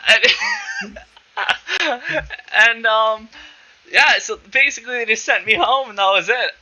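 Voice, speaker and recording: A man's voice: high-pitched, unhurried, bright, forceful tone. A young man from Canada telling stories about his past, rambling, laughing often and swearing freely. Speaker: podcast host. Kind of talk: casual storytelling. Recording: slightly muffled recording.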